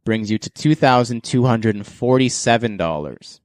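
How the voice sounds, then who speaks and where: A man's voice: mid-range voice, animated, normal speed, dry recording, studio quality. A Canadian man hosting a podcast, running a playful guessing game in a teasing quizmaster manner. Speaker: podcast host. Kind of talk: casual game-show chat.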